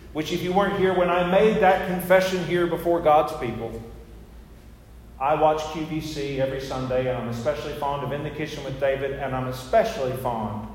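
Chatty male pastor in an echoey church. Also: a little high. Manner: chatty and storytelling, with asides and self-mocking humor. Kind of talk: conversational sermon. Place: church sanctuary. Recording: echoey church hall with faint noise.

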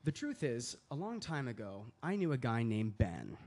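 A man's voice: medium pitch, big pitch swings, a little mellow. An actor playing a charming male sociopath who speaks hesitantly, in an audio drama reading. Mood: evasive. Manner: hesitant, halting denial.

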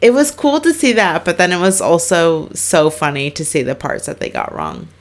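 A woman in her twenties co-hosting a podcast, chatting casually with quick asides and laughs. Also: on the low side, sing-song. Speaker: podcast co-host. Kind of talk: casual chat.

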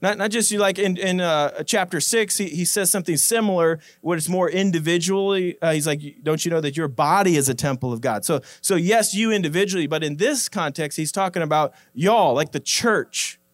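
Pastor, male, higher-pitched, conversational sermon delivery with repetitions and emphatic slowed quotes, dry sound. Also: dry recording. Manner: conversational, repeats words, emphatic slow quoting of scripture.

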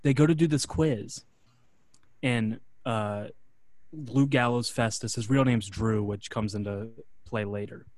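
A man's voice: medium pitch, unhurried, a little hiss or hum. Man casually telling a story. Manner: relaxed, with fillers, acts out quotes. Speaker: podcast host. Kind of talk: casual storytelling and match recap.

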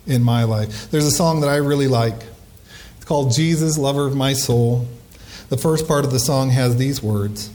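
A middle-aged man, a pastor, preaching a sermon and slowing down to stress key phrases. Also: medium pitch, a little mellow.

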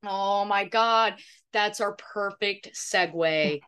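A young woman co-hosting a podcast, chatting casually and animatedly. She swears freely and slips into playful impressions as she tells stories. Her voice sits at an everyday middle pitch. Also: slow pace, a bit bright, smooth. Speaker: podcast co-host. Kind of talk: casual chat.

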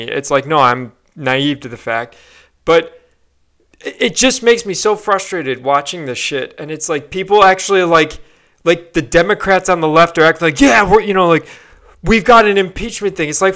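High, bright, ranting profane man. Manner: profane, frustrated ranting with frequent fillers and restarts. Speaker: podcast host. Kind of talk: solo rant podcast.

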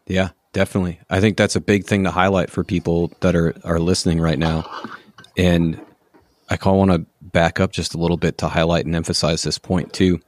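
A young man hosts a podcast in an earnest, reflective way and stresses his points firmly. His voice is very low and stays fairly level, and it is recorded dry and close to the mic. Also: level tone, brisk, dry recording. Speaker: podcast host. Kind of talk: conversational interview.

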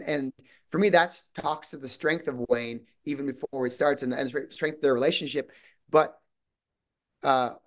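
Male guest actor, mid-pitched, loose rambling delivery full of restarts. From Minnesota. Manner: rambling, many restarts and quoted asides. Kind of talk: casual interview chat.

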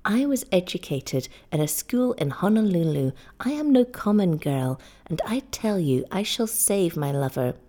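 A woman's voice: fairly low pitch, sing-song, moderate pace, hardly any pauses, warm tone. A woman reading the part of a loving, devoted young island wife in an earnest, pleading voice.

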